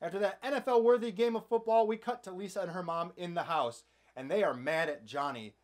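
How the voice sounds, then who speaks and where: A man's voice: high-pitched, a little fast, darkish tone. A man hosting a comedic movie recap, narrating with sarcastic, playful asides. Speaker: host.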